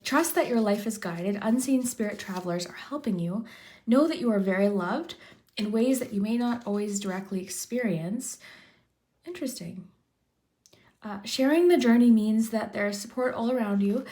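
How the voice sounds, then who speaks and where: A woman giving a monthly tarot reading in a gentle, reassuring way, often repeating her encouragement. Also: on the high side, normal speed. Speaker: tarot reader.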